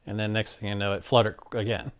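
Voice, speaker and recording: A man with a somewhat low voice tells a personal story in easy, casual speech. He is animated, trails off into fillers and restarts, and puts on quick voices for the people in his story. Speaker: interviewee telling his story.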